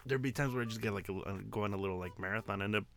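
A man co-hosting a casual podcast, relaxed and easily amused. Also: lowish voice, racing, faint music behind. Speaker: podcast co-host.

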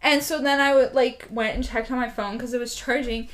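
High-voiced young woman telling stories animatedly. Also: fairly quick. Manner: animated storytelling, full of "like" and laughter. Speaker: podcast co-host. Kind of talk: casual chat.

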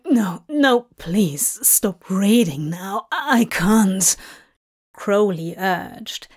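Slow, hushed woman reading a story. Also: medium pitch. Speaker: reader. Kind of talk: audiobook narration of fan fiction.

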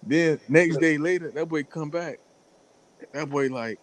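A man's voice: a little high, a little slow, low-quality recording. Laughing young man telling a story. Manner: storytelling with frequent laughs and slang. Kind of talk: casual chat.

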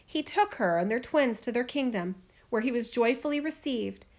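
A woman's voice: on the high side, animated, moderate pace. Woman reading a fairy tale aloud. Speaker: storyteller.

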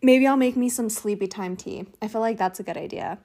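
A young woman hosting a loose solo podcast from her bedroom at night, chatty and rambling with lots of fillers, relaxed and drowsy as she lies down. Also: a little high, fairly quick. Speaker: podcast host. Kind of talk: unstructured solo podcast chat.

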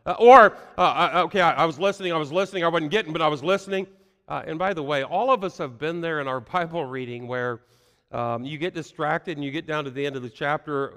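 Male pastor, high voice, earnest sermon, repeats phrases, echoing hall. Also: brisk, fairly bright tone, clean tone. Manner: earnest, many "uh" fillers, repeats key phrases.

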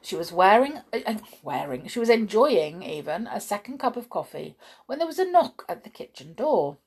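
A woman reading a children's storybook aloud in an expressive, sing-song way with small slips. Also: mid-range voice, normal speed, slightly rough.

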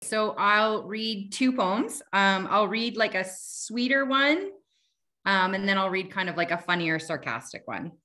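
A woman with a bright, forceful voice, speaking from a video call. She chats casually with lots of "like" and "um", then reads her own rhyming poems aloud. Her pitch sits in the middle range for a woman. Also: expressive, a little slow. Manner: chatty, fillers like "like" and "um". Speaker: guest poet.

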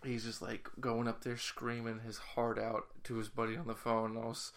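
A young man telling a rambling story in a casual chat, now and then shouting to imitate someone. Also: mid-range voice, monotone, normal speed, gravelly. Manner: rambling storyteller, loud bursts when imitating others.

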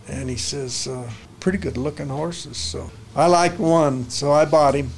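A man's voice: a little high, a little slow, vocal fry, slight background noise. An older man, a horse trainer, telling folksy stories in casual conversation with salty ranch talk. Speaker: interview guest, horse trainer.

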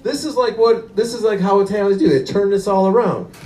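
Young guy doing stand-up, kinda high voice, laughs at his own bits, roomy echo from a far mic. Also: brisk, darkish tone. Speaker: stand-up comedian. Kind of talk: stand-up comedy set.

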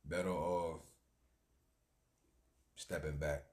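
A man hosting a podcast in casual chat, laid-back, swearing freely and breaking into loud laughs. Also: a bass voice, fairly even intonation, very slow. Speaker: podcast host.

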